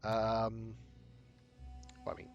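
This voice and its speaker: A man's voice: lowish voice, completely flat delivery, very slow, dull audio, faint music behind. A man thinking aloud as he plays a video game, hesitant with many fillers. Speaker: streamer playing a video game. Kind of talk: casual gameplay commentary.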